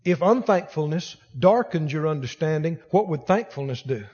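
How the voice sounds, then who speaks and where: A man's voice: fairly high pitch, animated, normal speed, darkish tone, husky. A man preaching a sermon, exhorting his congregation emphatically and repeating lines for force. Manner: emphatic, repetitive exhortation with rising intensity. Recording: dull sound with long reverb in a large hall.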